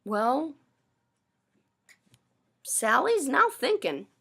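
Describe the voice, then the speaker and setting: Woman vlogger, fairly high-pitched, profane and cuttingly sarcastic personal rant. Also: big pitch swings, drawn-out words, gravelly, fairly bright tone.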